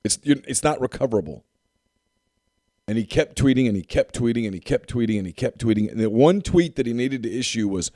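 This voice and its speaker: A man's voice: medium pitch, expressive, brisk, dark tone, no echo, clean studio sound. A man co-hosting a sports podcast in casual chat, emphatic and repeating points for effect. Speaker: podcast co-host.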